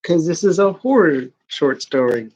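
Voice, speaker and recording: A man recapping comic stories in a casual, mocking way, with deadpan asides as he rambles. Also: on the high side, unhurried, breathy edge, lo-fi sound. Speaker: comic book reviewer.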